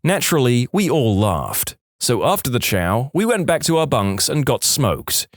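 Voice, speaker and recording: A man's voice: mid-range voice, big pitch swings, unhurried, no echo, clean studio sound. A man reading reddit stories aloud in a matter-of-fact storytelling way. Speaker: narrator.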